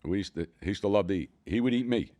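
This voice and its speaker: A man's voice: fairly low pitch, quick pace. An older man with a Philadelphia accent, telling rambling, profane stories as a podcast co-host. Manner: profane, rambling, animated storytelling. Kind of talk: casual storytelling.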